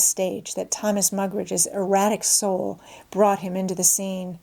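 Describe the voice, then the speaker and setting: A woman narrating a classic novel aloud in a measured, expressive storytelling manner. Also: medium pitch, creaky. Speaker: audiobook narrator.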